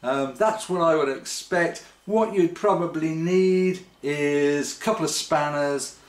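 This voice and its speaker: A man's voice: on the high side, takes it slowly. A man rambling wryly to camera in his kitchen, hesitant and full of ums and restarts. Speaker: vlogger. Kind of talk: casual rambling monologue. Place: home kitchen. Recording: roomy kitchen echo.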